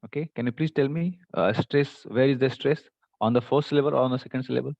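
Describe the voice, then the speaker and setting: A man's voice: mid-range voice, fast, creaky, a little mellow, dry recording, muffled recording. A man teaching an online English class, explaining patiently with many fillers. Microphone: computer mic on video call.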